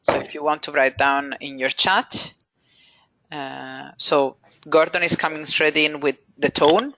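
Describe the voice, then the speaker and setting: A man moderating a webinar, reading out audience chat comments in a brisk, matter-of-fact way. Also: a little high, little pitch movement, sharp tone, no echo, rough recording.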